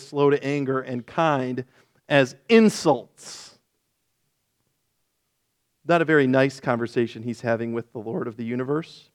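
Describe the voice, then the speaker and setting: A male pastor teaching through a Bible passage in a sermon, explaining the text and acting out quoted lines with feeling. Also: fairly high pitch.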